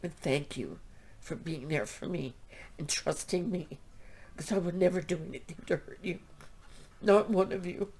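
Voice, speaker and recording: A woman's voice: on the low side, moderate pace, long pauses, a little mellow, breathy edge. Emotional, gushing woman podcast host. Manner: emotional, gushing, rambling with restarts. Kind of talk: heartfelt thank-you talk to viewers.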